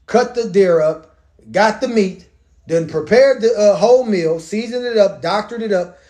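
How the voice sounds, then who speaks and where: High-voiced pastor mixing scripture and slang. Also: male voice, a little mellow. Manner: reads archaic verses then riffs in street slang with humor. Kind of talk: scripture reading with commentary.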